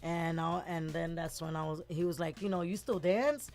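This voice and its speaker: A middle-aged woman with a fairly low voice at normal speed tells a lively story as a guest in a casual interview. She's animated, acting out the voices of the people in it and switching between English and Spanish words.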